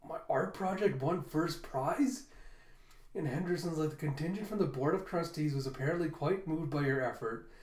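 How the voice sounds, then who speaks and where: Guy with a higherish voice reading out manga lines and laughing a lot, echoey room. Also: moderate pace, darkish tone. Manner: retells the story, breaking into laughter. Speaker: manga reviewer. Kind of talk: casual reaction recap reading lines aloud.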